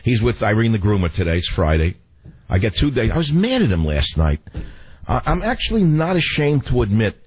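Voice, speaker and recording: A man hosting a radio talk show, ranting in an animated, exasperated way into a studio mic. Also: medium pitch, slightly rough, dry recording.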